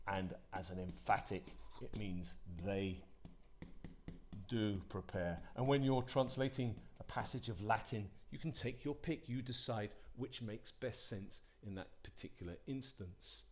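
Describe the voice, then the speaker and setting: A man's voice: on the low side, unhurried. A man teaching a Latin lesson, patient and repetitive, inviting listeners to say the forms aloud with him. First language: English. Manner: patient, repeats phrases for pupils to say aloud. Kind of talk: classroom-style lesson.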